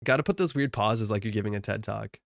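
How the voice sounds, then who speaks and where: A man's voice: fairly low pitch, fast, creaky, no room sound, clean studio sound. A young man streaming live, chatting casually and rambling as he reads chat aloud. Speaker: card game streamer.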